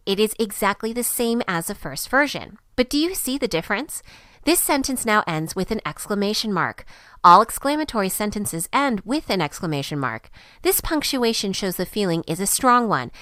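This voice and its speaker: Female narrator for a scripted lesson, animated intonation, dry booth sound. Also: medium pitch, no echo. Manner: clear, even teaching delivery.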